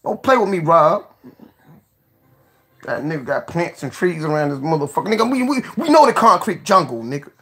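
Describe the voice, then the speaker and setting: A man hosting a casual live stream, joking, cursing freely, laughing often and giving shout-outs to viewers. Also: fairly high pitch, big pitch swings, normal speed, husky.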